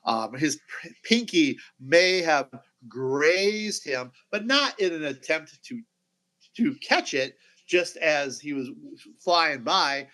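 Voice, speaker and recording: A middle-aged man on a sports podcast with a bright, forward tone. He talks in a loose, casual way, stopping and restarting often and filling gaps with "uh" as he works through his thoughts. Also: fairly high pitch, expressive, rough recording. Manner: halting, many fillers and restarts. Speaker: podcast co-host.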